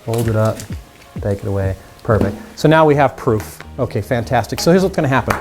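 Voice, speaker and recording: A man rattles quickly through a mind reading magic tutorial, upbeat and chatty as he speaks straight to the camera. Faint music plays underneath him. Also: medium pitch, expressive. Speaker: magician teaching tricks.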